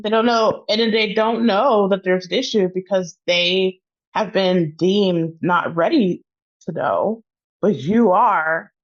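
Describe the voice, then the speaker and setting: A woman's voice: mid-range voice, slow pace, lo-fi sound. A woman co-hosting a podcast, reflecting on and affirming her guest's stories in casual chat. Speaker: podcast co-host.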